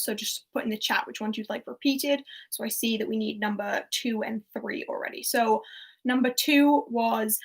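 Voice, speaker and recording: A woman's voice: a little high, poor audio. Chatty young woman hosting a quiz. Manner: chatty, laughs often, reads out and repeats quotes. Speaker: quiz host. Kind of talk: casual livestream quiz hosting.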